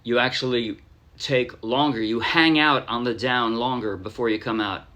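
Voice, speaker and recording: Medium-pitched and sharp in tone, this man from the United States walks through a ukulele song at a moderate pace. In his laid-back lesson he drifts off topic a bit and counts beats out loud over his strumming.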